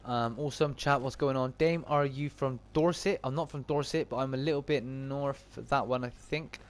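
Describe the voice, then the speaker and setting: A man's voice: medium pitch, fairly even intonation, fairly quick. A man with a Bristolian accent giving chatty live-stream commentary while he plays and answers his chat. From Bristol, England. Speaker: game streamer.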